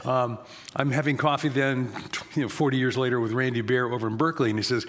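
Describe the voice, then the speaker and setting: A man in his seventies, a guest author who tells animated anecdotes quickly and acts out the voices of other people. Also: mid-range voice, slight background noise. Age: 70s. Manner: rapid, animated storyteller acting out dialogue. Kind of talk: storytelling interview answers.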